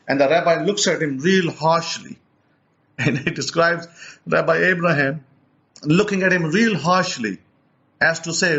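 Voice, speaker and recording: Man preacher, slightly high voice, animated storyteller who restarts phrases; dull lo-fi recording. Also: unhurried, pauses often. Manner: animated retelling, repeats and restarts words. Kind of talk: storytelling teaching.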